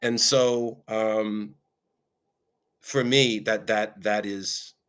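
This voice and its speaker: A man speaking as a guest, talking reflectively and measuredly, often pausing on "um" and checking in with "right?". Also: on the low side, steady tone, fairly bright tone, clean tone. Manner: measured, with frequent ums and rhetorical "right?". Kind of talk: reflective conversational talk.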